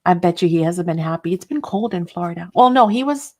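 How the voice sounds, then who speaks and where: A woman's voice: lowish voice, lively intonation, a little fast, darkish tone. A woman hosting a casual craft livestream, chatting and laughing often and greeting viewers by name.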